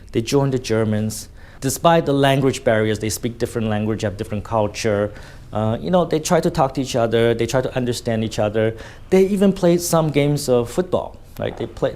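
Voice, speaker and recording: A man's voice: mid-range voice, darkish tone. A man telling a story in casual vlog commentary, blunt and full of swearing, often adding "right?" to his sentences. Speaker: vlogger.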